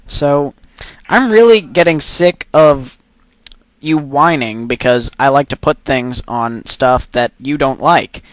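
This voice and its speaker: A man's voice: mid-range voice, takes it slowly, no room sound, poor audio. A man rambling through an improvised, absurd comic monologue into a computer microphone, stopping and restarting with coughs along the way. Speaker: amateur narrator.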